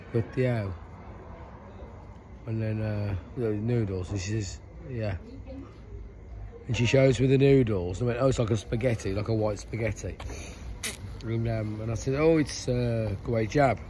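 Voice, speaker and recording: A man rambling chattily through a walking travel vlog, filmed outdoors at night on a handheld camera. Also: fairly low pitch. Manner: rambling, chatty storytelling with many restarts. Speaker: travel vlogger. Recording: noisy outdoor street recording. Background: street noise and barking dogs.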